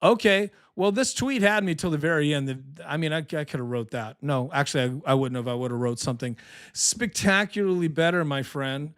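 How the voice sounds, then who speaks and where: A man hosting a casual live election podcast, rambling and sarcastic, tired from little sleep but excited. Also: a little high, a little fast, clear, resonant tone. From California. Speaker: political podcast host.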